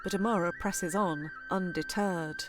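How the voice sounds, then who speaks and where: A woman giving scripted, even narration for a video game. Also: mid-range voice, measured pace, over music. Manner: even, descriptive storytelling.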